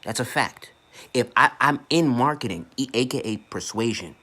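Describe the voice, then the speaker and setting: A man's voice: mid-range voice, expressive, normal speed, sharp tone. A man working as an online marketing coach, ranting casually to camera in a blunt, profane way and tripping over repeated words.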